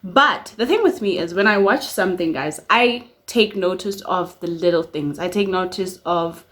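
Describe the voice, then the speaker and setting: A young woman chatting casually in a recap vlog, talking in a lively way with many fillers and asides while she does her makeup at home. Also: lowish voice, normal speed. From South Africa. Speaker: YouTuber.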